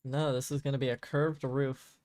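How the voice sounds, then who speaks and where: A man's voice: mid-range voice, little pitch movement, moderate pace, darkish tone. A man streaming a building game, trading dry jokes in casual banter with friends. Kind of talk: casual gaming chat.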